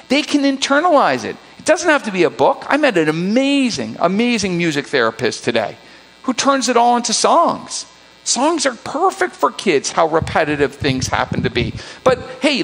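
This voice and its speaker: A middle-aged man giving a forum talk to parents, animated and storytelling, acting out quotes. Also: sits high, gravelly. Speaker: school psychologist presenting to parents. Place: school auditorium. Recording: long hall reverb.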